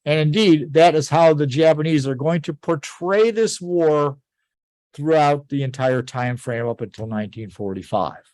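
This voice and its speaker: A man teaching a history class, telling events as a lively story and quoting people in a casual voice. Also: on the high side, normal speed, dry recording. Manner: animated storytelling, quoting figures in plain conversational voice. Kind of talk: informal history lecture.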